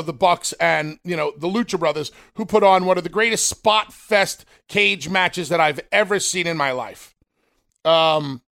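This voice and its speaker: Animated man with a gravelly voice. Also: on the high side. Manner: emphatic, animated, talks straight to fans. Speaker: podcast co-host, former wrestler. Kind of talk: casual wrestling talk.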